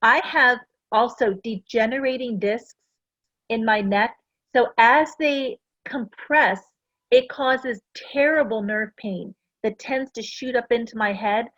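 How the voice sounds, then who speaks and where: A middle-aged woman talking to a class in a chatty, earnest way, sharing personal stories. Her voice sits a little high. The sound is close and dry, slightly dull and lo-fi. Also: slow pace, a bit bright, no room sound. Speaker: essential oils presenter. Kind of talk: casual product talk to a class.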